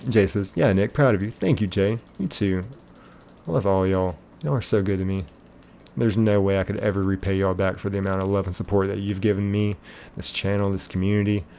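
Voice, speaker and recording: A man hosts a live game stream in a relaxed, chatty way, reading out viewer comments as they come in. His voice sits low with a gravelly fry and a dark, mellow tone. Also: a little fast, slight background noise. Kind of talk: casual live-stream chat, reading chat messages.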